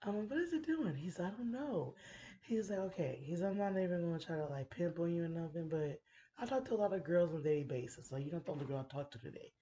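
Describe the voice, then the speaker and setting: A woman in her thirties talks fast in a lowish, warm voice, with a little hiss or hum on the recording. As a podcast host on a casual chat show, she tells a frank, profane story playfully and laughs often.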